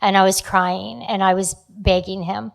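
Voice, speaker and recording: A woman in her fifties or sixties, from New Jersey, candidly telling her recovery story at a meeting, often pausing on fillers and restarting sentences. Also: mid-range voice, level tone, creaky. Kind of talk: sharing a personal recovery story.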